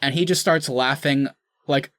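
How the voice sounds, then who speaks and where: A man co-hosting a podcast in casual banter, his voice bright and forceful. He jokes in an animated way, swinging into mock outrage, and sounds close and dry. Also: medium pitch, moderate pace, no room sound. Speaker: podcast co-host.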